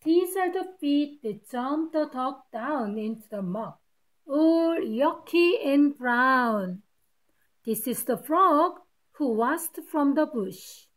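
A woman teacher reads a picture book aloud to children, patiently pausing to explain each rhyming word. Her voice is high-pitched and animated, and she reads at a slow pace.

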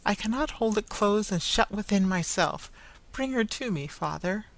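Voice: mid-range voice, lively intonation, moderate pace, voice pushed up, lightly acted. A reader voicing a tender, grieving blind young woman who speaks with earnest pleading.

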